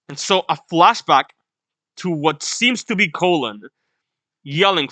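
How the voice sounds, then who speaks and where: A young man hosting a manga reaction, reading aloud and reacting excitedly, swearing and breaking into high yells. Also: measured pace, no room sound.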